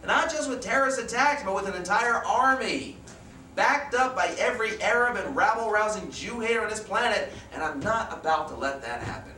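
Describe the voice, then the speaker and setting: A man's voice: high-pitched, animated, fairly quick, slight background noise. A man playing a harsh, hateful army captain who barks orders and bullies, in a stage play reading. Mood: contemptuous. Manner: barking, bullying, shouting orders. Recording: echoey room, mic at a distance.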